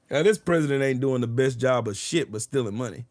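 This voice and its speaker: A man's voice: medium pitch, a little mellow, no echo. A man hosting a casual livestream, joking crudely and swearing often. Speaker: livestream host. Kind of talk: casual live-stream chat.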